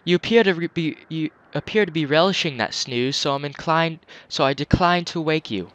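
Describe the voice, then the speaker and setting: A genteel old male shopkeeper with an English accent holds forth in flowery, pompous phrases, as a gaming commentator puts him on. He trips over the long words as he goes. The voice sits a little high. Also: fairly quick, fairly bright tone, lightly acted.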